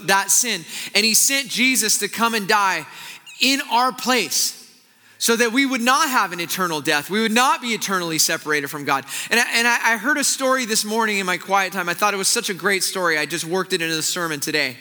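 A man pastor preaching a sermon earnestly, often dropping into hushed, intense low passages. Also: animated, moderate pace, big-room sound.

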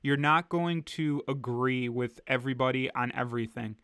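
A man's voice: medium pitch, moderate pace, fairly bright tone, smooth, dry recording, studio quality. A man co-hosting a podcast, talking earnestly and with frustration, often restarting his sentences. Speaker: podcast co-host. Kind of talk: casual podcast chat.

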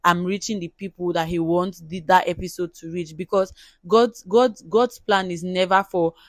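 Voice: medium pitch, fairly even intonation, moderate pace, dry recording. A podcast host with a Nigerian accent, earnestly talking through a solo faith episode and often repeating words mid-thought.

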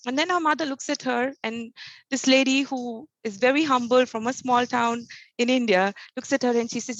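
A woman's voice: on the high side, fairly even intonation, normal speed, no room sound, dull audio. A woman talking earnestly as a podcast guest, an encouraging motivational trainer who speaks emphatically and often adds "you know" and "right?". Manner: faith-centered encouraging tone. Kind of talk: podcast interview answer.

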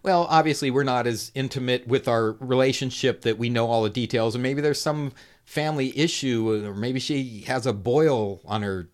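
A podcast co-host chatting casually, expressive and teasing. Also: mid-range voice, moderate pace. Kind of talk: casual chat.

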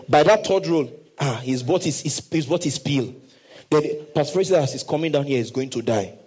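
A man preaching a sermon, reading scripture slowly and emphatically and leading the congregation in call and response. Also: high-pitched, slightly rough, low-quality recording. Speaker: pastor.

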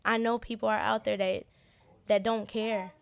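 Young woman guest telling her story, halting and earnest, lots of repeats, creaky voice. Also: mid-range voice, level tone. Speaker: interview guest, business owner. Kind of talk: personal story in an interview.

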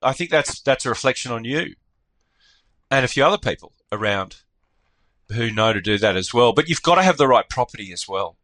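Bright-voiced Australian man, measured. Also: medium pitch, expressive, dry recording, poor audio. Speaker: guest photographer. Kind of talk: podcast interview.

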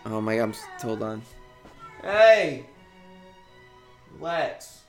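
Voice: medium pitch, sing-song, takes it slowly, faint music behind. A casual, self-deprecating reader rambling through an amateur fan-fiction read-aloud at home and bantering with a friend.

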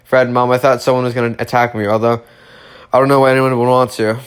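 A man's voice: mid-range voice, little pitch movement, fast talker, clear, resonant tone, natural voice. A man voicing a tired middle-aged mother who just wants to nap. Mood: weary.

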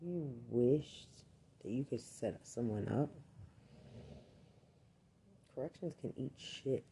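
A man pours out an angry, accusatory rant, cursing constantly. His voice is very dark and mellow. He talks slowly, with heavy pauses between his bursts. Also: medium pitch, animated, vocal fry, slight background noise. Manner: furious, accusatory, swears constantly. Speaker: army veteran.

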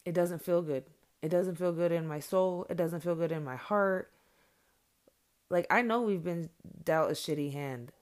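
A woman's voice: lowish voice, moderate pace, darkish tone. A woman in her thirties, a mother, talks candidly to viewers in a blunt, heated and profane monologue. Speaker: mother sharing her views.

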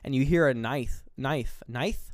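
A man's voice: medium pitch, a little slow, no echo, clean studio sound. A man co-hosting a podcast, casually retelling a horror movie scene by scene and acting out the characters' lines. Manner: animated retelling, acts out lines from the film. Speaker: podcast co-host. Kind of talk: casual movie review chat.

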